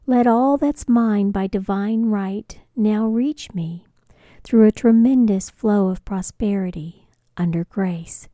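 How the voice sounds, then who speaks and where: A woman leads a guided prosperity affirmation in an unhurried, gentle voice, often breathy and close to a whisper. Her tone is very dark and mellow, and the recording is dry and close, with no room sound. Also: mid-range voice, no room sound. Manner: slow, soft, often breathy whispered delivery. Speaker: spiritual teacher.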